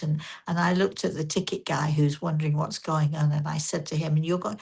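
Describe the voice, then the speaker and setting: Older woman, gravelly, lowish voice, gentle rambling storyteller with restarts. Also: steady tone, fairly quick. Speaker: spiritual medium and host. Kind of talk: casual storytelling talk.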